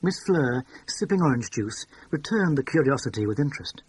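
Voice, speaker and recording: A man reading a classic mystery novel aloud as an audiobook, in an expressive style. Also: mid-range voice, normal speed, breathy edge. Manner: expressive, acted. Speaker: audiobook narrator. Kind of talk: scripted narration.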